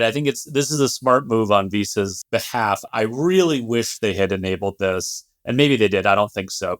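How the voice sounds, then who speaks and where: A man's voice: mid-range voice, dry recording. Conversational male podcast host, dry sound. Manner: relaxed, conversational, hedging with fillers. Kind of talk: casual podcast chat.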